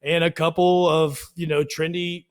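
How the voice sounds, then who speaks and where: A man talks in a casual podcast chat, his voice sitting a little high. He tells stories loosely and with plenty of filler, jumping into acted-out quotes in raised voices. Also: normal speed, clean tone. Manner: animated storyteller, acts out quotes in raised voices. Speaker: podcast co-host.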